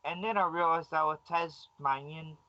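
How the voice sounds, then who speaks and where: A man's voice: on the high side, moderate pace, no echo, highs cut off. Rambling Australian man on a call. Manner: rambling, laughing, digressive storyteller. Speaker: guest. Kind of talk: casual storytelling on a live stream call. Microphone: video call.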